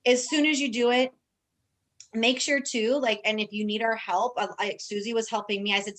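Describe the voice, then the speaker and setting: A woman's voice: medium pitch, fairly even intonation, brisk, fairly bright tone. A woman presenting on a team video call, bubbly and joking as she gives the homework. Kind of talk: casual chat on a video call.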